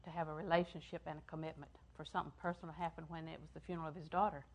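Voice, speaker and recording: An older woman preaching a sermon, repeating phrases for emphasis and swinging from loud, emphatic lines down to hushed ones. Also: sits low, flat delivery, rapid-fire.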